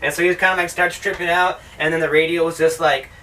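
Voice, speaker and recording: A man's voice: a little high, steady tone, fast, far from the mic, noisy background. A man reviewing a movie in a casual, rambling, sarcastic way, heavy on swearing. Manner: profane, rambling, sarcastic, with mocking put-on voices.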